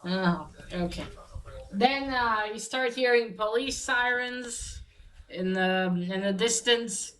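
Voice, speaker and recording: A woman casually recapping a story aloud, halting with many fillers and restarts. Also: fairly high pitch, a bit bright, a little hiss or hum, poor audio.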